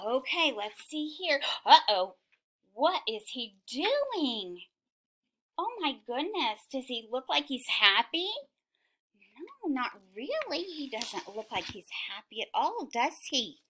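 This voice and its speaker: A woman teacher reading a picture book aloud to young children, talking in an animated, questioning, sing-song way. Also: fairly high pitch, takes it slowly.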